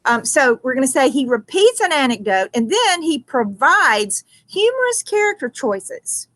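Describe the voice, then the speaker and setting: A woman teacher giving a recorded writing lesson, thinking aloud with frequent ums and self-corrections, slowing down to stress key words. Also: high voice, sing-song, a bit bright.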